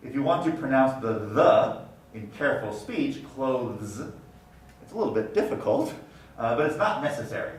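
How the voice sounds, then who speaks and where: A man giving a university lecture, explaining step by step and slowly repeating example words. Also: medium pitch, big pitch swings, far from the mic. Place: lecture room. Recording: roomy sound from off the mic, faint noise.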